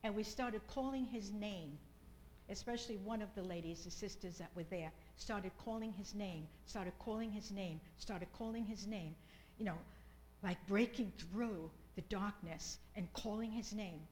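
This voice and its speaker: A middle-aged woman preaching a sermon with fervent repetition, at times dropping to a soft whisper in prayer. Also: mid-range voice, moderate pace, a little hiss or hum, rough recording.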